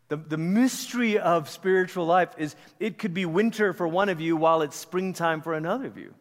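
Animated male pastor in a reverberant hall. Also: fairly high pitch, a little fast, few pauses. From Malaysia. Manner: animated, casual storytelling with fillers. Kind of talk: conversational sermon.

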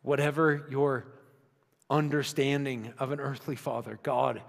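A man preaching a sermon in a conversational style, often dropping to soft, intimate tones. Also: mid-range voice, fairly even intonation, measured pace, creaky. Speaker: pastor. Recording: long reverb of a large hall.

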